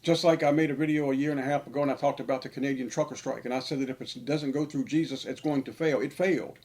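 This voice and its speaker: A man's voice: medium pitch, fairly even intonation, fast, a little mellow. A man, an online preacher delivering a sermon-style monologue, emphatic and repetitive for stress.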